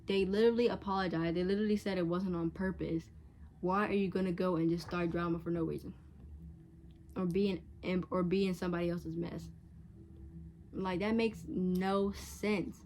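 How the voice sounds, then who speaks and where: A woman's voice: on the low side, a little mellow, slight background noise. A teenage girl vlogger giving frank, chatty advice straight to camera, casual and blunt. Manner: chatty, frank, acts out catty voices in quotes.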